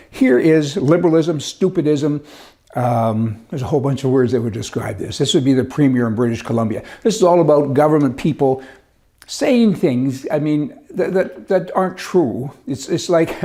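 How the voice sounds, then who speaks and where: A middle-aged man rants about politics in an indignant, sarcastic way. His voice is warm and dark, sitting at an ordinary pitch for a man. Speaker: political commentator. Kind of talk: opinionated political rant.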